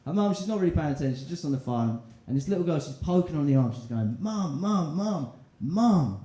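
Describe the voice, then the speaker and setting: A man's voice: on the high side, animated, racing, dark tone. A man doing a stand-up set in a comedy club, rambling, crude and self-mocking as he banters with the crowd. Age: 20s. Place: comedy club in central London. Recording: roomy club with crowd laughter.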